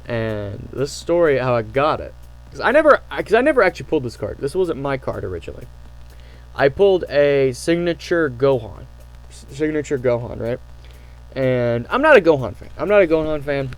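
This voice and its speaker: Excitable rambling man telling stories. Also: mid-range voice, normal speed, poor audio. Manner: excitable, rambling, many fillers and restarts. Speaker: channel host. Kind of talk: casual storytelling to camera.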